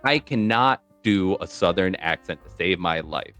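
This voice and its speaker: A man's voice: deep voice, expressive, moderate pace, fairly bright tone, soft background music. A man from New York hosting a podcast, chatting casually about voice acting in a rambling, explanatory way. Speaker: podcast host.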